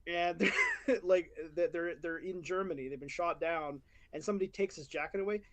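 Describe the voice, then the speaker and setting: A man chats as co-host on a casual podcast. His voice is a touch high, and he tells stories in a rambling way, often restarting his sentences. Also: wildly swooping pitch, normal speed, a bit bright.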